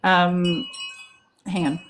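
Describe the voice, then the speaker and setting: A woman's voice: fairly low pitch, flat delivery, extremely slow, fairly bright tone, slight background noise. A woman with an Australian accent, chatting casually and coaching friends through phrases on a livestream. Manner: laughs often, coaching others through phrases. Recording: livestream call audio.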